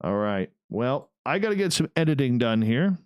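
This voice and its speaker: A man's voice: mid-range voice, sing-song, moderate pace, clean tone, no echo, studio quality. A man hosting a radio show, rambling and joking with swearing in a casual after-show chat while he edits.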